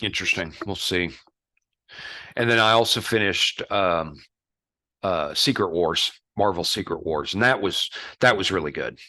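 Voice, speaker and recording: A man co-hosting a podcast in casual chat, rambling and halting, often breaking into laughter. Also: low-pitched, sharp tone, no room sound, studio quality. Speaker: podcast co-host.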